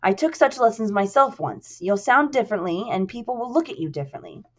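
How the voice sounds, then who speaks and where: A woman voicing an authoritative male businessman with a measured, persuasive delivery. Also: on the high side, sing-song.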